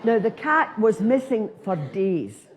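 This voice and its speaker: A woman's voice: medium pitch, slow pace, dull audio. An older Scottish woman, a comedian telling a self-mocking story in a chatty stand-up style. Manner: conversational, self-mocking, lively.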